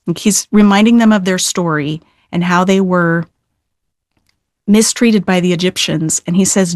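A woman's voice: fairly low pitch, moderate pace, no echo, clean studio sound. A middle-aged woman Old Testament scholar being interviewed, explaining scripture earnestly with emphatic stress and frequent restarts.

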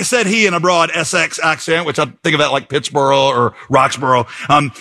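A man's voice: on the high side, steady tone, normal speed, gravelly, hardly any pauses, bright, forceful tone. A man preaching a sermon as pastor, conversational and reading passages aloud with fillers.

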